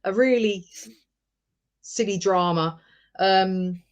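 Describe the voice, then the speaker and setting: A woman's voice: medium pitch, slow pace, highs cut off. A woman who is a guest in a casual chat, telling stories with giggly enthusiasm.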